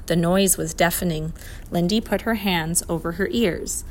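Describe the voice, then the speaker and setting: A woman reading a children's adventure story aloud, expressive and lively. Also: on the low side, normal speed, slight background noise. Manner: expressive, voices the characters. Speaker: narrator.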